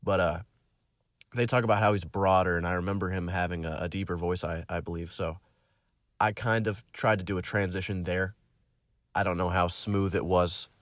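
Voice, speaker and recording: A man's voice: deep voice, fairly even intonation, normal speed, no echo, studio quality. A young man who narrates audiobooks, talking casually to his listeners after finishing a book, rambling with lots of fillers and restarts. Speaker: audiobook narrator and channel host.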